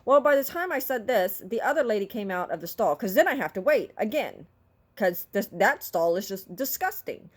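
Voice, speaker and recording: A woman's voice: mid-range voice, very animated, normal speed. A middle-aged woman telling a story in a casual vlog, talking in an exasperated, vocal, ranting way. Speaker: vlogger.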